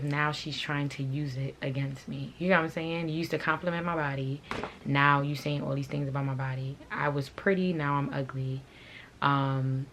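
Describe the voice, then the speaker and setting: A woman with a low, heavy voice tells a storytime on her channel. She runs her own clothing brand, and her talk is blunt, profane and heated. Faint background noise sits under her voice. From from a Haitian family. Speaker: vlogger and clothing brand owner. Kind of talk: storytime rant to camera.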